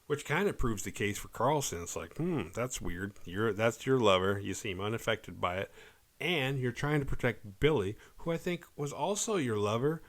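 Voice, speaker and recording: A man casually recapping a horror movie on his podcast, acting out characters' lines as he goes. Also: medium pitch. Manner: animated retelling, quick quoted voices for characters.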